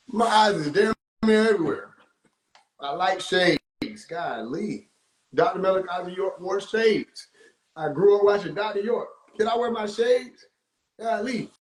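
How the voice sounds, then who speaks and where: Man, young adult, high-pitched, animated and profane, laughing a lot, echoey room. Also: slow pace, pauses often. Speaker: livestream host. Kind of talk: casual livestream rant. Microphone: phone.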